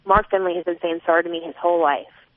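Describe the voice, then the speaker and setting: An audiobook narrator reads a first-person novel in a fairly low, quick voice, expressively giving voice to a twelve-year-old girl's inner thoughts. The recording is dry and narrow, like a phone line, with no room sound.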